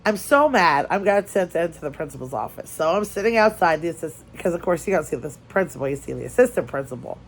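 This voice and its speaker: A woman with a slightly low voice chats casually as a crafting vlogger. She tells a story with lively energy and repeats phrases to drive her point home. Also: fast, few pauses.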